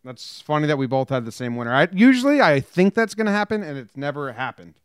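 A man co-hosting a podcast, chatting casually with quick asides. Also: a little high, sing-song, clear, resonant tone, dry recording, clean studio sound. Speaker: podcast co-host.

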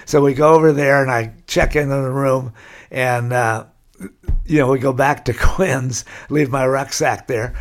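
Speaking a little slowly, with medium pitch and fairly even intonation, an older man from California appears as a guest in a storytelling interview. His anecdotes run long and rambling, punctuated by chuckles.

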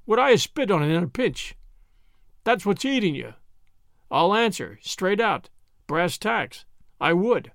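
A man's voice: sits high, very animated, a little slow, gravelly, pauses often, fairly bright tone, dry recording, studio quality, heavily acted. A man reading an audiobook, voicing a defiant, blustering gray-haired American man of fifty. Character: gruff angry older American man.

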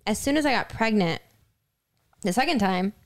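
Smooth-voiced young woman telling a story. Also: mid-range voice, animated, normal speed. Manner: storytelling, frequent fillers. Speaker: podcast co-host. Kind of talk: casual podcast chat.

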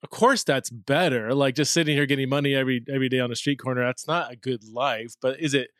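A man's voice: medium pitch, fast talker, fairly bright tone, no echo, clean studio sound. A man hosting an interview, asking questions casually and thinking aloud with a hesitant, filler-filled manner. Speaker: podcast host.

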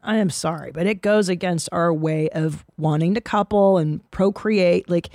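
A woman hosting a podcast with a gravelly, fry-heavy voice. She talks in casual chat, blunt and crude, and her voice sounds close and dry. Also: on the low side, moderate pace, mellow, dry recording. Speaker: podcast host.

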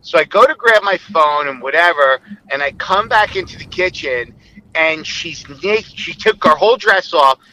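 Man, former co-host, casual crude storyteller, somewhat high pitch, bright tone. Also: expressive, normal speed, low-quality recording. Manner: crude, rambling, acts out quotes with filler words.

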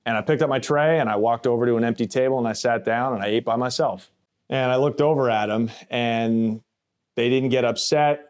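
Man, blunt plainspoken storyteller, casual and cursing, mid-pitched voice. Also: darkish tone. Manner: acts out others' voices in quotes. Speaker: former prisoner telling his story. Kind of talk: first-person storytelling podcast.

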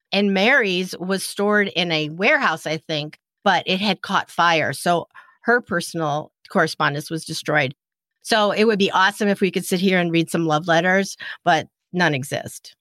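Bright-voiced chatty woman podcaster. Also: lowish voice, no room sound. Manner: chatty, uses "you know" often. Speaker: podcast co-host. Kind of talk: casual history podcast chat.

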